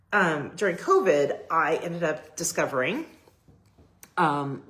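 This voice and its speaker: Middle-aged woman photographer, low voice, chatty and gushing, lots of fillers and restarts. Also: fairly bright tone. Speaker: boudoir photographer. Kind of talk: casual personal talk to camera.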